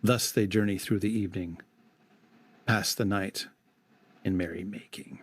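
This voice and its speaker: A man's voice: low voice, fairly even intonation, unhurried, slightly rough. A man co-hosting a podcast, reading an old epic poem aloud in a dramatic way and breaking off for wry comments. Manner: dramatic recitation broken by wry asides. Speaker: podcast co-host.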